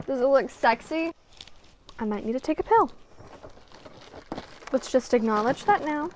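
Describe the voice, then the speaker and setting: A woman with a fairly high voice vlogging from her bedroom while she builds a craft project. She talks to herself as she works, mocks herself and swears freely. A faint hiss sits under her voice. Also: a little mellow. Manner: self-deprecating, swearing, muttering to herself while working. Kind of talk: casual crafting vlog.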